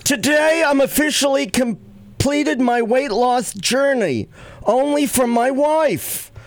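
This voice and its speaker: A man's voice: very high-pitched, slow pace, dry recording, pitched above the performer's own voice. A man putting on his late mother's New York accent as an older woman reading confessions aloud in a drawling, exaggerated voice. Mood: amused.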